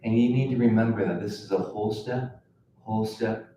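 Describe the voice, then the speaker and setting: A man's voice: fairly low pitch, brisk, warm tone. A middle-aged man teaching a livestream guitar lesson, chatty and encouraging, with many fillers and restarts. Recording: echoey room with faint noise.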